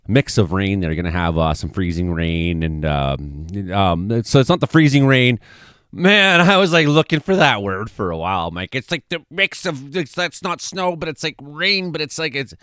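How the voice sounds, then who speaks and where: A man giving a casual, excitable weather forecast over maps. He jokes often and swears freely. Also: sits low, clear, resonant tone, no room sound, studio quality. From Canada. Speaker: weather vlogger.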